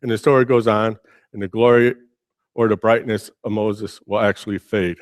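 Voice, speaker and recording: A man preaching a sermon as pastor, telling Bible stories in a lively, casual way and acting out the characters' lines. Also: on the low side, moderate pace, no echo, clean studio sound. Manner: animated storytelling, acting out biblical figures in casual speech. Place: church.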